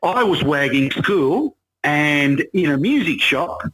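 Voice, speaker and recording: A man in his sixties with an Australian accent, a musician guest telling lively stories and acting out the people in them. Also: fairly high pitch, slow pace, rough recording. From Melbourne, Australia. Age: 60s. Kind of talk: casual storytelling interview.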